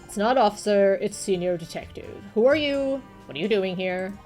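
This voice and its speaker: A woman voicing a gruff, impatient male senior detective who barks curt orders. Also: medium pitch, animated, moderate pace, darkish tone, faint music behind, lightly acted.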